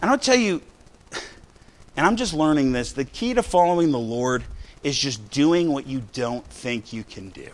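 A man preaching a sermon, talking to the congregation in a casual way, with many "right?" and "you know" asides and shouts for emphasis. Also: mid-range voice. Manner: conversational, rising to shouts of emphasis.

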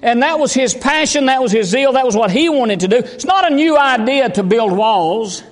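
Pastor, high-pitched man, fervent folksy preaching, reverberant sanctuary. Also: lively intonation, normal speed. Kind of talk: sermon. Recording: long hall reverb.

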